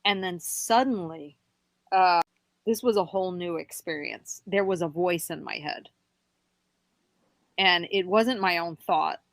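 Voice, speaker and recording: Young woman guest telling a spooky story, stops and starts, low-ish voice. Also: creaky, dry recording. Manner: halting, animated when quoting herself. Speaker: podcast guest. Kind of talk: telling a personal paranormal story.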